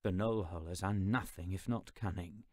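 A man's voice: low voice, normal speed, no echo, clean studio sound, pitched below the performer's own voice. A man reading an audiobook, voicing a scholarly, fussy male troll who speaks in formal, elaborate phrases. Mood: admiring.

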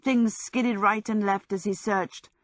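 Female audiobook narrator, measured storybook pace, dry close studio sound. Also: mid-range voice, fairly even intonation, no echo. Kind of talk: scripted narration.

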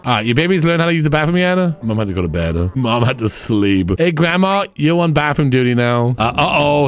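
A man hosting a gaming channel, giving upbeat, chatty let's-play commentary and talking to his game characters. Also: on the high side.

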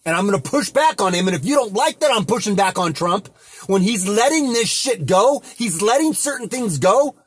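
A man's voice: high voice, animated, normal speed, slightly rough, no room sound. A man delivering a heated, profane rant from inside a car, often repeating himself. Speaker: vlogger. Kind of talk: angry ranting monologue.

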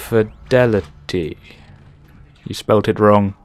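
A man's voice: lowish voice, steady tone, takes it slowly, slight background noise. A man commentating a video game playthrough, sarcastic and swearing, with jokey asides. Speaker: gaming youtuber. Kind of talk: let's play commentary.

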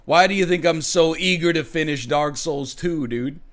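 Animated, sarcastic male streamer. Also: fairly high pitch, normal speed, hardly any pauses. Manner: sarcastic, animated, with sudden shouts. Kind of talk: casual live-stream commentary while gaming.

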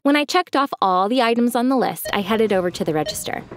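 A young woman narrating a personal story in first person with a fairly high voice. Her scripted delivery is expressive, over a faint hiss of background noise. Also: fast.

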